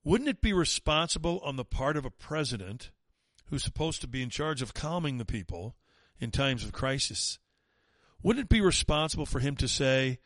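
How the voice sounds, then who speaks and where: A man's voice: mid-range voice, animated, a little fast, a bit bright, dry recording. A man hosting a talk radio show, ranting in an indignant, sarcastic monologue into a studio microphone.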